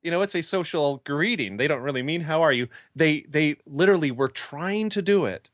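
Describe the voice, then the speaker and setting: An animated man co-hosting a podcast, telling stories in casual chat and slipping into the voices of the people he quotes. His pitch swings widely as he talks. The recording is close and dry, with no room sound. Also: brisk, no room sound. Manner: animated storyteller who acts out quoted people. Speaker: podcast co-host.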